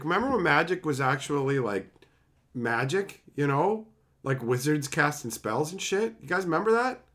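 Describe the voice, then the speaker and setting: Bright-voiced sarcastic male streamer. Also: fairly high pitch. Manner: sarcastic, profane ranting. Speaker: streamer opening card packs. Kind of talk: casual live-stream chat.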